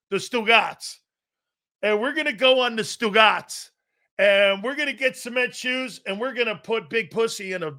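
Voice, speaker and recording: A man's voice: high-pitched, bright, forceful tone. A man hosting a sports talk stream, ranting casually in a brash, profane, teasing way.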